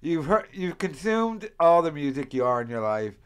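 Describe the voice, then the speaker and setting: His voice is on the high side with big pitch swings and a clean tone, at normal speed. The man, an American podcast host, riffs in crude, casual banter, rambling, swearing, and breaking into mock accents mid-story.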